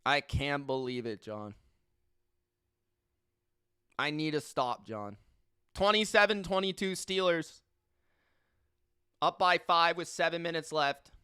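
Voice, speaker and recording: A man hosting a live sports reaction stream, giving play-by-play and swearing, swinging from muttering to yelling and repeating himself in disbelief. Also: on the high side, slow pace, long pauses, clear, resonant tone.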